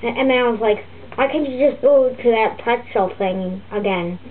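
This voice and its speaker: A woman voicing a fussy, griping turtle puppet teacher, rambling and halting with many restarts. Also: a little high, lightly acted. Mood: grumbling. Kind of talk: comic puppet vlog monologue. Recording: tinny lo-fi phone-like audio with faint hiss.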